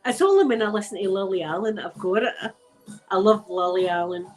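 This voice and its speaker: A woman's voice: medium pitch, brisk, faint music behind, rough recording. Tipsy Scottish woman chatting frankly. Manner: rambling, frank and chatty, with frequent restarts. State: a bit drunk. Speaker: ASMR channel host. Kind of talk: casual live chat with viewers.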